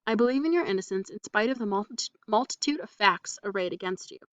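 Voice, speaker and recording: Woman doing a formal male lawyer, measured, reassuring, dry sound. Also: mid-range voice, expressive, no echo, lightly acted. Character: middle-aged male lawyer, cautious and formal.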